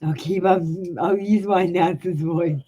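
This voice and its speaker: A woman's voice: lowish voice, steady tone, moderate pace, dark tone, husky. An Australian woman reading tarot cards on a live stream, chatting bluntly and casually with viewers in a practiced announcer-style delivery. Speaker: tarot reader.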